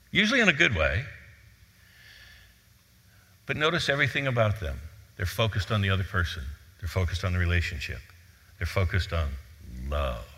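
Bright-voiced man preaching in a hall. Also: fairly low pitch. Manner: animated preaching, reads scripture aloud. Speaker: pastor. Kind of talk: sermon.

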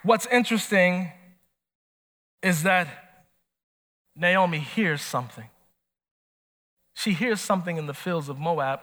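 A man preaching a sermon as pastor, animated and swinging from soft to shouting. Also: high-pitched, slow pace, long pauses. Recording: long hall reverb.

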